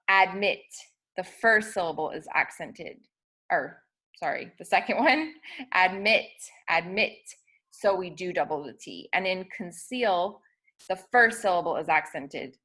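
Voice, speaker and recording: Teaching spelling rules in a patient, methodical way, a young woman speaks a little slowly in a lowish, slightly bright voice. She says "um" often and makes small self-corrections as she explains.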